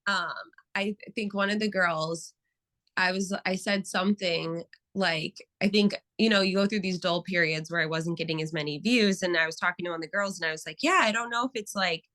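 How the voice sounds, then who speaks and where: A young adult woman, a therapist, talking casually as an interview guest and acting out quotes in animated stories. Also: on the low side, normal speed, rough recording. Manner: animated storytelling with acted quotes.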